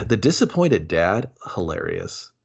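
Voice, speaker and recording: A man's voice: low voice, huge pitch swings, slow pace, vocal fry, slightly rough. A man co-hosting a casual movie podcast, laid-back and laughing, with sarcastic asides. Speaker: podcast co-host. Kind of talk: casual movie recap chat. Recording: slightly dull lo-fi mic.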